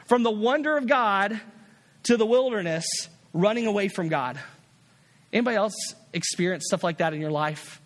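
A man's voice: sits high, animated, moderate pace, in a large hall. A man preaching a sermon as a pastor, earnest and repetitive, often restarting his phrases.

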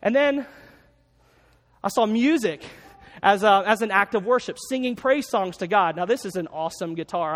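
A pastor with a notably high voice preaches to a congregation in a church sanctuary, chatting casually and saying each main point twice so people can take notes. His voice rings through the large space with a long, trailing reverb.

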